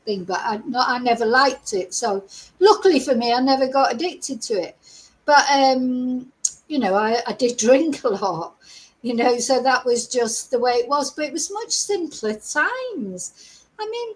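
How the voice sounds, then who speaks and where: A woman's voice: fairly high pitch, low-quality recording. An older woman hosting a true crime live stream, talking in a chatty, exasperated and rambling way with frequent asides. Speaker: true crime channel host. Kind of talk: casual live-stream commentary.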